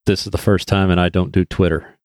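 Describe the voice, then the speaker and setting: A man's voice: sits low, flat delivery, a little fast, no room sound, studio quality. A man on a podcast in casual chat, adding brief, hesitant remarks.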